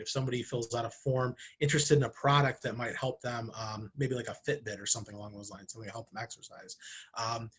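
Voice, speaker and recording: A man's voice: mid-range voice, fairly bright tone, slightly rough. A man, a marketing director, talks to camera in a conversational way, asking rhetorical questions and acting out short examples. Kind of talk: talking-head marketing video. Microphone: camera, speaking to camera.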